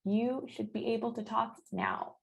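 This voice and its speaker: A woman's voice: on the high side, wildly swooping pitch, unhurried, gravelly. A woman moderating an online webinar, plain and helpful as she gives instructions.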